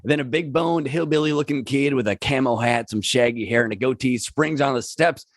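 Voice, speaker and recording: A man hosting a podcast, casually recapping a horror movie in a halting, rambling way. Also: mid-range voice, dry recording, studio quality. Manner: rambling, halting with fillers and restarts. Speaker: podcast host recapping a film.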